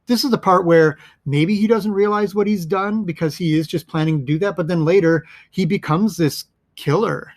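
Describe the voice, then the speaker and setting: A man talks through a movie's twists in a relaxed, rambling explainer style, with plenty of ums and uhs. His voice sits a little on the high side. The sound is close and dry with no room around it. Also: no room sound. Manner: rambling, chatty, many fillers. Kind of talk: casual film breakdown.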